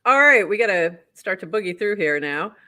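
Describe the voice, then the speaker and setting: A man with a Boston accent co-hosting a live show, briskly reading posts aloud and commenting on them. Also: high-pitched, animated, bright, forceful tone, smooth. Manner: brisk, upbeat, reads posts then comments. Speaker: co-host.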